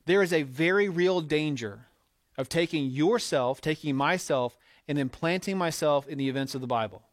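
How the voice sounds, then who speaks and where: High-voiced man preaching a sermon. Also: moderate pace, no room sound, clean studio sound. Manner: emphatic, conversational preaching with quoted asides. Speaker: pastor.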